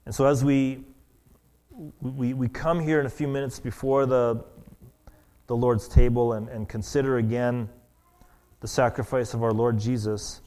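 A man preaching a sermon as pastor, earnest and halting, often restarting his words. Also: medium pitch, fairly even intonation, dark tone.

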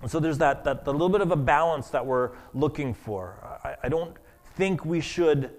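A man's voice: on the high side, moderate pace. Earnest male pastor preaching. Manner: earnest, with many restarts and repeated words. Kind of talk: sermon.

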